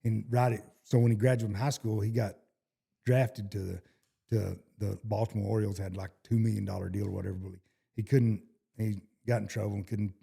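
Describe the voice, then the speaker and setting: A gravelly, husky Texan man in middle age spins a folksy yarn. His voice sits low and dark, and he rambles, often breaking off and restarting his sentences as he tells the story. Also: level tone, brisk. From Texas. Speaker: horseshoer guest. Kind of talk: casual storytelling interview.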